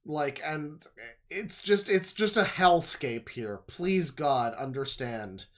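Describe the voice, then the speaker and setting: A man's voice: fairly high pitch, lively intonation, slow pace. A man from Canada, streaming and reacting to a video with profane, sarcastic, exasperated rants. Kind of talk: casual ranting commentary.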